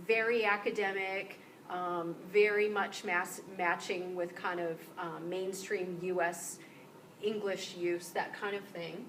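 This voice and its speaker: A woman instructor giving a recorded lecture, explaining clearly and slowing down to model example sentences. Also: lowish voice, steady tone, a bit bright, a little hiss or hum, poor audio. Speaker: university instructor. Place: room with motion-sensor lights.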